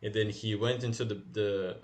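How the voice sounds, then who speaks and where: A man in loose, casual podcast talk with a low-pitched voice. He rambles through long stories, swears freely and laughs often. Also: fairly even intonation, normal speed, a little mellow. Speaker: podcast co-host. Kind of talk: casual chat.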